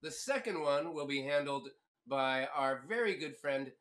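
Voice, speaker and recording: Bright, jokey male co-host. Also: a little high, expressive, measured pace. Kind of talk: game show hosting.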